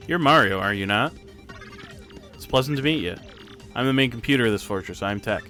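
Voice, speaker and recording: A man's voice: medium pitch, lively intonation, brisk, bright, forceful tone, soft background music. Man reading as a polite fortress computer. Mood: earnest.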